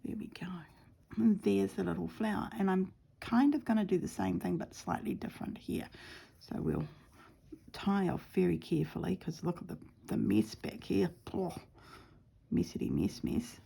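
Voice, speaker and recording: A woman hosting a casual embroidery tutorial, talking softly to herself and often half-whispering as she works. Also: fairly low pitch, animated, normal speed, gravelly, husky. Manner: soft, often half-whispered self-talk while stitching; chatty and rambling with fillers. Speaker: embroidery stitch-along host.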